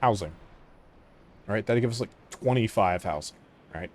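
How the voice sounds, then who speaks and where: A man giving casual commentary on a strategy game, mumbling to himself and trailing off into quiet asides. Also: lowish voice, normal speed, slight background noise. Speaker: gaming channel host.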